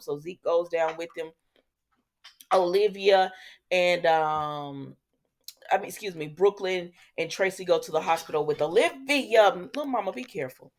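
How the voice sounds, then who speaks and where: A woman hosting a casual soap opera recap, chatty and sassy, talking back to the characters. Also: lowish voice.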